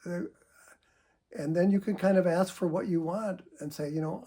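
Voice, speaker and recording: A man speaking as a psychotherapist, giving calm, measured advice to viewers with frequent "uh" fillers. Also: sits high.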